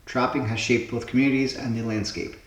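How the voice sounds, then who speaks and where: A man's voice: mid-range voice, fairly even intonation, brisk. A man with a mid-range voice talks himself through word puzzles, floating guesses aloud one after another. His voice carries a noticeable room echo. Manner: musing, trial-and-error guessing of answers aloud. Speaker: host playing word puzzles. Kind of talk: casual thinking aloud while solving puzzles. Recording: roomy echo.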